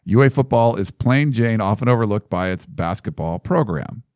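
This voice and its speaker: A man's voice: lowish voice, animated, normal speed, a little mellow, dry recording, clean studio sound. A man co-hosting a casual sports podcast, reading out jokey comparisons with fillers along the way. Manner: reads jokey comparisons aloud with fillers and laughs. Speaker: podcast co-host.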